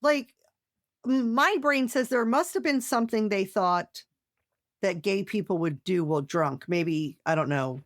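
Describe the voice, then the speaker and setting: A woman's voice: medium pitch, measured pace, no room sound, clean studio sound. A woman co-hosting a podcast, chatting casually and reacting with incredulous questions. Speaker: podcast co-host.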